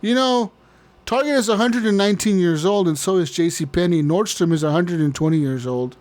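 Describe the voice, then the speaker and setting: A man co-hosting a casual podcast, ranting in a profane, animated way and laughing often. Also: high-pitched, fairly quick. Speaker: podcast co-host.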